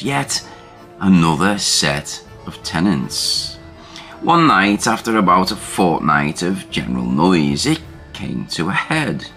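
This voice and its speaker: Deep, slow male storyteller. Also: fairly bright tone. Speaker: narrator. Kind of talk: scripted narration of a first-person ghost story.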